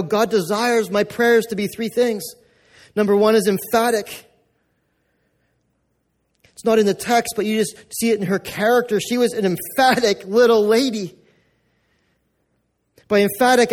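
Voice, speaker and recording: A male pastor from North America giving a conversational, emphatic sermon with lots of repetition. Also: high-pitched.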